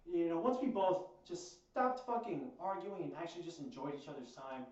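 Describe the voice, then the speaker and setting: A young man tells a personal story, rambling and profane, stumbling through fillers and restarts. His voice sits a bit high. He sounds set back from a dull, muffled mic in a very echoey room. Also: big pitch swings, normal speed, darkish tone, far from the mic. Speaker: storytime host.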